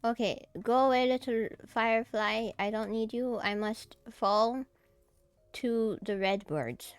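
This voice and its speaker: A woman streamer talks at an unhurried pace as she plays, chatty and quick to giggle or yelp when startled. Her voice sits at a middling pitch and sounds close and dry, with soft music playing underneath. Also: smooth, no room sound. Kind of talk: casual gameplay commentary.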